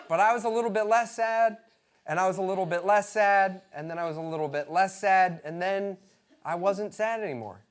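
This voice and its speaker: A man in his thirties telling a self-mocking stand-up story, animated and jumping between characters. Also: sits high, fairly quick. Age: 30s. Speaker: stand-up comedian. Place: comedy stage.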